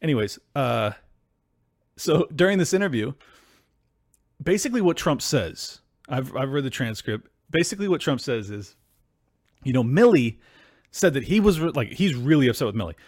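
Heated man ranting, very animated. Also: medium pitch, moderate pace, pauses often, no echo, clean studio sound. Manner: heated, profane and combative, breaking into yelling. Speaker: podcast host. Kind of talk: solo political podcast rant.

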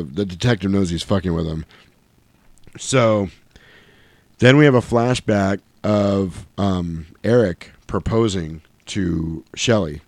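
A man's voice: low-pitched, darkish tone, dry recording. A man casually retelling a film's plot on a podcast, acting out the characters' lines as he goes. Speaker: podcast host. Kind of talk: casual movie recap chat.

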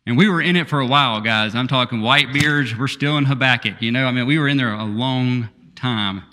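A man preaching a sermon, reading scripture with laughter and quiet asides. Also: mid-range voice, fairly quick, long reverb tail, a little hiss or hum. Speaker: pastor.

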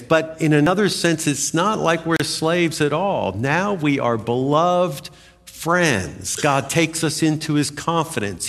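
A man preaching a sermon as a pastor, emphatic and animated, with dramatic swings in pitch. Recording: long hall reverb.

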